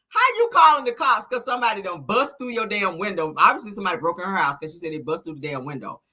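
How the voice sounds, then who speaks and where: Sassy lady running a chatty commentary stream, real lively up and down, blunt and cussing. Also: mid-range voice, quick pace. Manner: sassy, blunt, profane, chuckling often. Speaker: host. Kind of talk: casual commentary chat.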